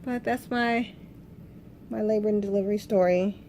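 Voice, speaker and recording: A woman's voice: medium pitch, steady tone, moderate pace, mellow, slight background noise. A woman in her thirties telling her own birth story in a candid, emotional vlog, rambling with restarts. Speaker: vlogger.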